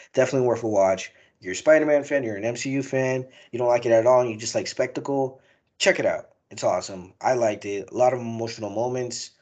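A man's voice: medium pitch, darkish tone. A young man hosting a casual movie review podcast, talking in a rambling, profane, emotional way. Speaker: podcast host.

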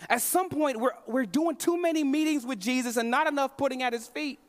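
A pastor preaches in a strikingly high voice. He shifts from quiet, intimate stretches to rousing, emphatic calls. The sound rings with the long reverb of a large church hall. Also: brisk. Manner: impassioned preaching, swinging from hushed to emphatic calls. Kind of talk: sermon. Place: church sanctuary.

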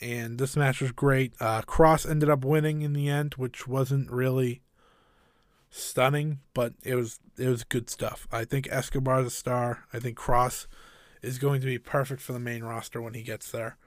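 A man's voice: mid-range voice, little pitch movement, moderate pace, dry recording, studio quality. A man hosting a wrestling review podcast, talking in an enthusiastic, rambling way. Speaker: podcast host.

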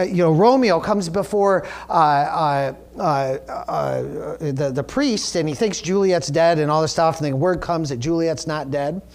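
A man preaching a sermon as pastor, retelling a story loosely with many fillers and restarts, then rising higher and louder as he drives his point home.

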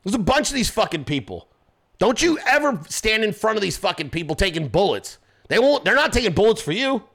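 A man's voice: high voice, very animated, a little fast, a bit bright. A male host ranting in political commentary, profane and confrontational, who mocks people by voicing them. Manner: mocks people with quoted voices.

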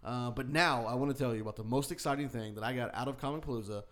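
A man co-hosting a podcast, telling a story with lively acted-out quotes. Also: mid-range voice, racing. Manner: animated storyteller, acts out quotes. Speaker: podcast co-host. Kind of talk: casual chat.

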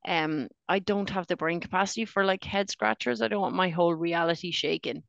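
A middle-aged Australian woman co-hosting a podcast in casual chat, full of jokey quick asides. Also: on the low side, creaky, a bit bright, no room sound, muffled recording. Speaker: podcast co-host.

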